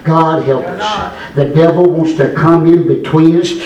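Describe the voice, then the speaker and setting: A man preaching a fervent sermon, going from low, measured speech to high, shouted preaching. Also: a crowd in the background. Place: church. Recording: echoey church room, far from mic, congregation.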